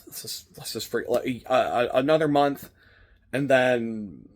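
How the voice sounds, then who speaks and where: A man's voice: medium pitch, a little slow. Candid rambling man talking on a walk. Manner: candid, rambling, swears freely, acts out his own inner voices. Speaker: vlogger. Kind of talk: casual walk-and-talk monologue. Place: outdoors on a walk.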